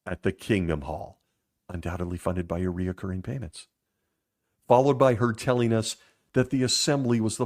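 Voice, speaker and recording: A man hosting a critical commentary show, speaking in a blunt, sarcastic and openly emotional way, with sudden jumps in pitch when he gets worked up. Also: a little mellow. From former Jehovah's Witness upbringing.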